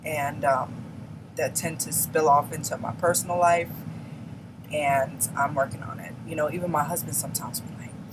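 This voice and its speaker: A woman's voice: low-pitched, normal speed. Woman vlogger, blunt and candid, casual delivery, noisy take with traffic behind. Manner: candid, blunt, emphatic with laughs. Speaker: beauty vlogger. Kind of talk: casual confessional chat.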